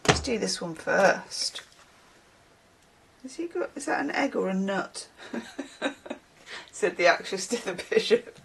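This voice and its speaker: A woman's voice: fairly high pitch, creaky, a bit bright, rough recording. A woman giving a casual tarot reading, chatting in musing asides and reading card texts aloud. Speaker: tarot reader.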